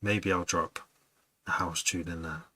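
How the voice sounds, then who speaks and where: A man with a low voice and a bright, forceful edge chats casually to his viewers as a music producer. He rambles, laughs often and thinks out loud. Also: fairly even intonation, a little slow, a little hiss or hum. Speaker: music producer streaming to chat. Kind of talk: casual chat with livestream viewers.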